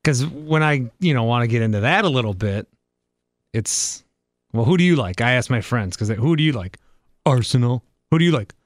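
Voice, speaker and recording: A man's voice: medium pitch, lively intonation, dry recording, studio quality. A man from Wisconsin hosting a casual podcast chat, wisecracking and poking fun at himself. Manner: wisecracking and self-mocking, quick asides. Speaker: podcast host.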